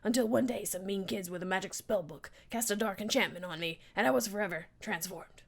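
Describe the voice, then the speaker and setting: A woman voicing a gruff, repentant male spork monster in a strained, gravelly voice, solemn and theatrical. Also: mid-range voice, fairly quick.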